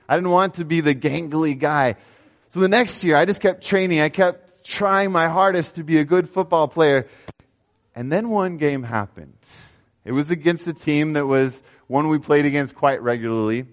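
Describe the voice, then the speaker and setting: A young man preaching a sermon, telling a story with animated swings between raised emphasis and quiet asides. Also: a little high. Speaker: pastor.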